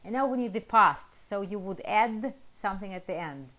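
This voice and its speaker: A woman teaching an online language class over a video call, patient and encouraging as she drills phrases slowly. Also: mid-range voice, lively intonation, fairly bright tone.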